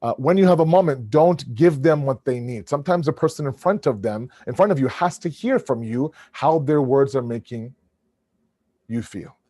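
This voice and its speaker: A man with a booming voice giving an animated religious family lecture over a video call, often restarting his words. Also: moderate pace, no room sound, studio quality.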